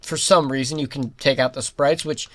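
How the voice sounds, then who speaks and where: A young adult giving rambling let's-play commentary, breaking into giggles and sudden loud outbursts at the game. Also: medium pitch, steady tone, moderate pace, a little hiss or hum. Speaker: gaming commentator.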